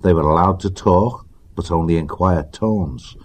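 Deep husky man narrating a story. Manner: measured, even storytelling. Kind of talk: audiobook narration.

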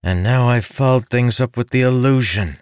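A man's voice: fairly low pitch, expressive, moderate pace, no echo, clean studio sound, voice pushed up, close to an everyday voice. A man voicing a young male illusionist, an apologetic and teasing friend, in a fantasy audiobook.

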